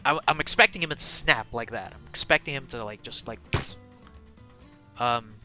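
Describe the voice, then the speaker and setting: A young man streaming to a live chat, telling a casual, slangy and profane story, animated and excitable, swinging from mumbled asides to loud bursts. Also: medium pitch, moderate pace, soft background music. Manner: slangy and profane, full of fillers.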